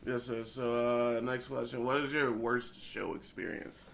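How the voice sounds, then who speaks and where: A man's voice: medium pitch, flat delivery, a little slow, gravelly, crowd noise. A man hosting a podcast, asking casual interview questions in brief, laid-back turns. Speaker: podcast host.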